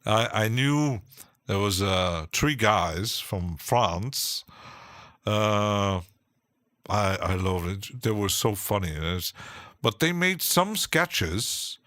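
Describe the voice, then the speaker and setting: A man with a lowish voice rambles through a live-stream chat at an unhurried, dragging pace, stopping and restarting his sentences and laughing between thoughts. The sound is close and dry, with no room around it. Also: animated, a bit bright, no room sound. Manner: rambling, halting, with many restarts and frequent laughs. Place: home studio.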